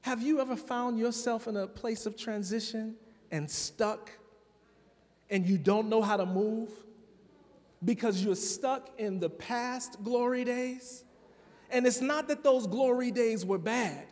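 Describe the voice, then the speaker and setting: High-voiced preacher in a reverberant hall. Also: male voice, measured pace. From Chicago. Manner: conversational preaching, rising to loud emphatic peaks. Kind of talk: sermon. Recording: long reverb of a large hall.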